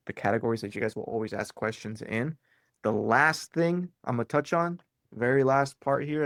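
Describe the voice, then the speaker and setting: Casual bro-talking sales coach, dry mic. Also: male voice, medium pitch, no echo. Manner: casual, bro-ish, fillers like "right?" and "man". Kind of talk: live training call.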